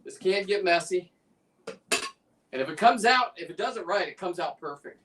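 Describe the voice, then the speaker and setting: A man's voice: high-pitched, expressive, normal speed, recorded from a distance, noisy background. A man in casual chat, rambling and talking through a demonstration as he works. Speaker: guest on a fishing livestream, lobster preparer. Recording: away from the mic.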